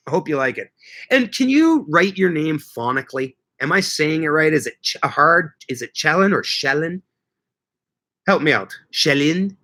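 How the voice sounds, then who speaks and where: Guy rambling on a gardening livestream, bright voice, jokey, chatting with viewers. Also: a little high, lively intonation, normal speed. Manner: rambling, joking, reads viewer comments aloud. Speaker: livestream host. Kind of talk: casual live chat with viewers.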